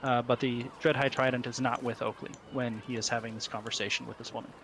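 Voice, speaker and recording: Halting male game master. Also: medium pitch, little pitch movement, noisy background. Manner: halting, many ums and pauses. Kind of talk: narrating a tabletop game.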